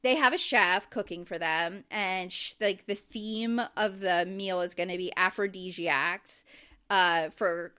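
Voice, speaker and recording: A woman co-host on a reality-show recap podcast speaks with a low-leaning, steady voice that's a little slow, pushed and bright, clear and resonant. It's casual chat, loaded with "um" and lots of "like."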